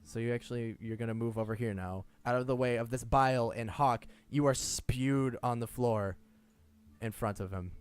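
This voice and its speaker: A young man narrating as game master, lively and quick with small stumbles. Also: mid-range voice, clean tone.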